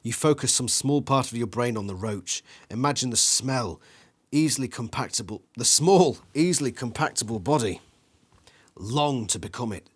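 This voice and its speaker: A man's voice: mid-range voice, expressive, normal speed, slightly rough. A man reading an interactive adventure book aloud with drama, acting out sound effects and screams, stopping now and then to think aloud about which choice to make. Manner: acts out sound effects and screams, some slips. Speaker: channel host reading a gamebook aloud.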